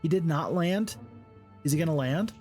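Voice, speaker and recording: A man talks through a strategy-game playthrough in a casual, joking way, breaking into excited outbursts now and then. He sounds tired from the late hour, and his voice sits a little higher than most men's. Quiet game music plays underneath. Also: moderate pace. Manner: chatty, jokey, excitable outbursts. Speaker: gaming commentator. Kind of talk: casual let's-play commentary.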